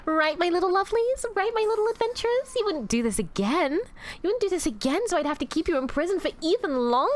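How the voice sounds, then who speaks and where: Woman streamer, bouncy and very animated, playful mock-villain banter, swears often. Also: high-pitched. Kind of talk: casual livestream chat with viewers.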